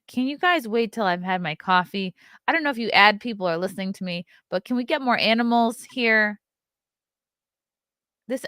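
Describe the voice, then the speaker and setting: Reading headlines aloud on her casual morning show, this host riffs on them with blunt sarcasm in a Long Island accent, being from Long Island herself. Her medium-pitched voice is a bit bright, clear, and resonant, captured in clean studio sound with no echo.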